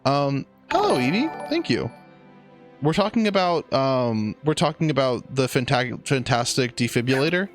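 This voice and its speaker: A young man improvising a silly story on a podcast, rambling and excitable with plenty of swearing. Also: mid-range voice, normal speed, faint music behind. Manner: rambling, excitable, swears a lot, many restarts.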